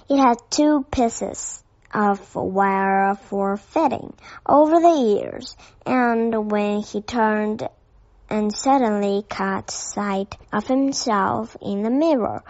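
A woman narrating a children's story with a gentle, careful reading. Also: medium pitch, no room sound. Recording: dull dry lo-fi recording.

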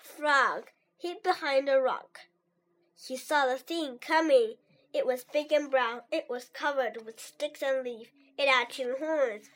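Reading a story on her children's show, this host, a native Mandarin Chinese speaker, uses a slow, high-pitched, fairly bright voice. Her tone is sweet, cheerful, and like a teacher's.

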